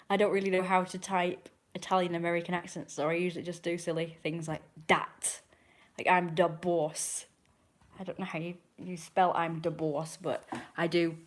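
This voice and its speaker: A woman chatting on a livestream, rambling and correcting herself as she goes. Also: lowish voice. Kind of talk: casual livestream chat.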